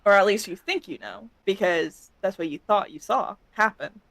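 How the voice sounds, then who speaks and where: A woman's voice: mid-range voice, moderate pace, fairly bright tone, slight background noise. A woman narrating as game master of an online tabletop game. She describes scenes in detail, with fillers and small restarts.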